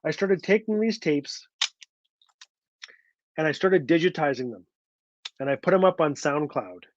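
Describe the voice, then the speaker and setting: Man, author telling a story, fairly high voice, earnest, halting restarts, dull dry recording. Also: animated, no room sound. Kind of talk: oral storytelling at an online book event.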